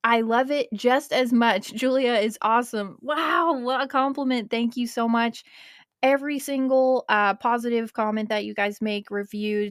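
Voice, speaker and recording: A woman's voice: mid-range voice, dry recording, studio quality. A woman in her twenties hosting a podcast, chatting casually and emotionally and swearing now and then. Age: 20s. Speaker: podcast host.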